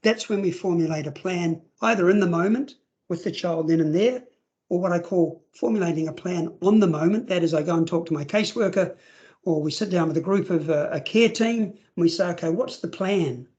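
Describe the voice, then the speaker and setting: A man's voice: high-pitched, a little fast, a little mellow, dull audio. A man presenting a webinar for foster carers in a conversational way, acting out scenarios and using plenty of fillers. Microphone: video call.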